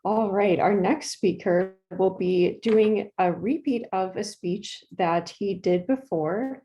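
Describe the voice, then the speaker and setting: A woman's voice: medium pitch, slow, mellow, highs cut off, a little hiss or hum. A woman hosting a club meeting, thanking and introducing speakers in a friendly, unscripted way. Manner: friendly, a bit flustered, unscripted.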